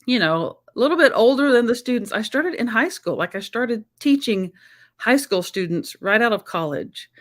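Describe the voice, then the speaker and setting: A woman's voice: a little high, animated, normal speed. A woman hosting a live-streamed chat show, talking in an effusive, heartfelt way that is emotional and close to tears. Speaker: host.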